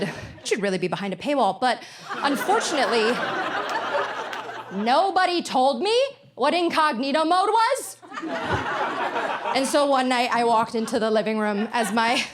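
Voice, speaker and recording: A young woman in her twenties performs stand-up on a theater stage, delivering stories in a deadpan, self-deprecating manner. Her voice sits a little high. Loud background noise runs under the recording. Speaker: stand-up comedian. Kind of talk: stand-up comedy set.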